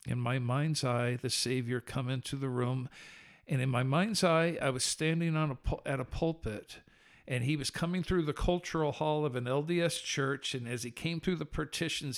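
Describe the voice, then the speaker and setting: A man telling an earnest personal faith story as a podcast guest, animated and shifting between slow solemn passages and quick telling. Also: mid-range voice.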